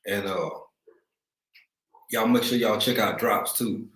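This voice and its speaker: Speaking at a slow pace from a room at home in Africa, a livestream host from East Texas keeps things relaxed, his low voice carrying a Texan accent and the room's echo. He chats slangily and easily, saying hello to viewers in the chat.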